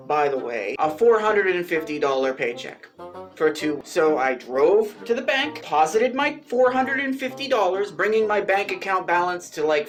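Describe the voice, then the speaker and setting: A man vlogger telling a personal story in a casual way, animated and exasperated, swearing freely and pushing his pitch up for emphasis.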